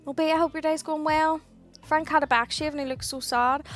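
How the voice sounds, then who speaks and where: High-voiced tired woman streamer chatting. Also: steady tone, fast, fairly bright tone. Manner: chatty, reads and answers viewer chat, sighs and laughs at herself. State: tired, yawning. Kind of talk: casual live-stream chat. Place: at home. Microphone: headset. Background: faint game music.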